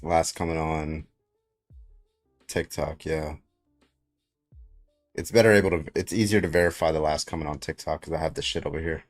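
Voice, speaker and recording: A man's voice: a bass voice, steady tone, normal speed, long pauses, faint music behind. A man hosting a livestream debate, talking loosely, laughing and swearing casually.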